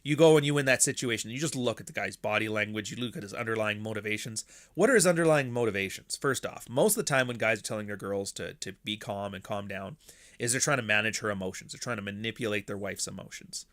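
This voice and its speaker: Male host, bright forceful tone, blunt and profane, casual commentary delivery. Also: fairly low pitch, fast. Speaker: podcast host.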